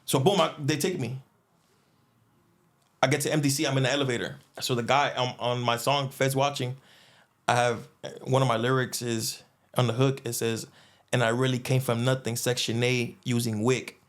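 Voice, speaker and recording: A young man telling a long story in casual chat, rambling and filling gaps with "boom" and "you know what I'm saying". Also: level tone, normal speed. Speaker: guest.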